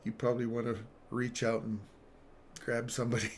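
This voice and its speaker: A man's voice: mid-range voice, monotone, a little fast, slight background noise. A man telling a rambling story on a live trading stream, chuckling between phrases.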